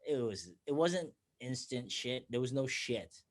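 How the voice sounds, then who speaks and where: Man, from Pennsylvania, comedian guest, casual chat, swears a lot, acts out what people said, mid-pitched voice. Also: animated, unhurried. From Bethlehem, Pennsylvania, USA. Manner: profane, storytelling, acts out quotes.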